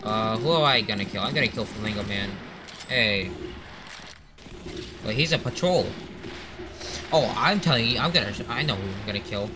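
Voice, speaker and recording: A young man giving rambling, excitable commentary while playing an online game, with sudden outbursts. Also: fairly low pitch, normal speed, pauses often. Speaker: gaming commentator. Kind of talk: casual gameplay commentary. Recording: noisy game audio behind.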